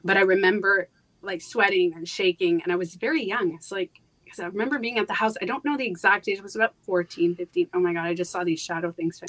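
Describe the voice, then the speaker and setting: Her voice mid-range and steady, a woman guest in a live interview works through a personal story in a halting manner, restarting often and using many fillers, and softening at painful moments. The recording is of low quality.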